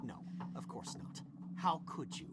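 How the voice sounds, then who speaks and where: An actor playing an irritable middle-aged scientist boss who snaps sarcastic insults, then makes stiff apologies. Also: male voice, a little slow, noisy background, lightly acted. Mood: angry sarcastic. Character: irritable middle-aged male lab boss, hungry and short-tempered. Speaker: senior scientist.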